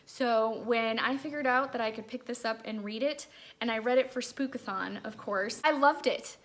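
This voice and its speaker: Chatty woman in her thirties, book-review vlogger at home; high, bright voice. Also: moderate pace. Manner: chatty, rambling, many "like"s. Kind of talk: casual chat.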